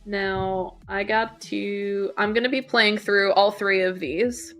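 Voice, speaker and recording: Slow-talking woman streaming games. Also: mid-range voice, soft background music. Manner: relaxed, friendly, laughs easily. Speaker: livestream host playing entries. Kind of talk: casual livestream chat.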